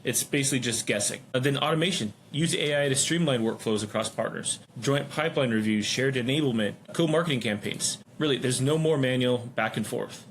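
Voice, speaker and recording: A man's voice: medium pitch, fairly quick, hardly any pauses, slight background noise. A man in a casual business podcast chat, explaining ideas in an orderly way, one point at a time. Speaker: podcast co-host.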